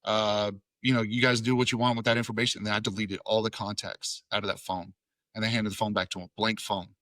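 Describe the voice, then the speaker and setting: A man in his thirties from Tennessee tells a story as a podcast guest. His voice is bright and forceful. He swears easily and slips into the voices of everyone in the story, and the recording is dry and close. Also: lowish voice, little pitch movement, fast talker, no room sound. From Tennessee, USA. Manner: profane, acts out quoted dialogue. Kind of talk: casual storytelling.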